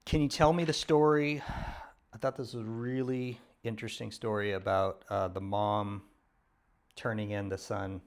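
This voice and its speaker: A man's voice: lowish voice, steady tone, moderate pace. A man hosting an interview podcast and asking his guest follow-up questions.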